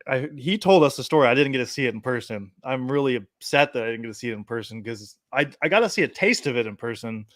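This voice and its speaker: A man's voice: medium pitch, fast talker, few pauses, dry recording. A man hosting a casual podcast, telling a story with lots of laughter and acted-out quotes. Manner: animated storyteller, laughs often, acts out quotes. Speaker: podcast host. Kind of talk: casual chat.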